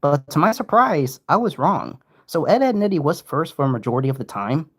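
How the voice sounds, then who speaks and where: A man's voice: on the high side, fairly quick, husky. A young man giving casual, rambling livestream commentary, often interrupting himself. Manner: rambling, self-interrupting, animated. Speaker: streamer.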